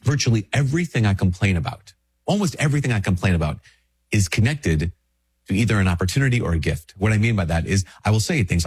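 A man's voice: on the low side, animated, fast, breathy edge. A man, a priest, talking in a casual, conversational reflection while sick with a stuffy nose, acting out little dialogues and repeating himself as he goes.

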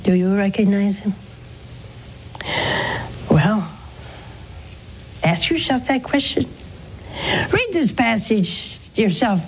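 A woman's voice: medium pitch, expressive, slow, pauses often, a little hiss or hum, rough recording. A woman, a nun hosting a call-in program, preaching earnestly and coaxing her listeners with questions. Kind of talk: preaching and counseling callers.

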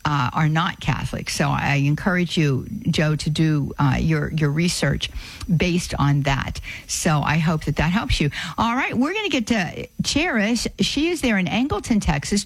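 A woman hosting a call-in radio show, giving advice in a halting way with many fillers and restarts. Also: lowish voice, dry recording, poor audio.

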